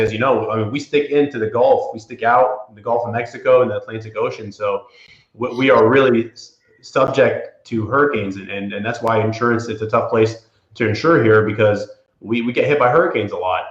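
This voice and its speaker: A man's voice: medium pitch, brisk. A man from the Florida Panhandle, an attorney and guest, talking casually with many fillers and restarts. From Florida Panhandle, USA. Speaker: property insurance attorney, guest. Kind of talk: casual interview talk. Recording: roomy, dull lo-fi sound.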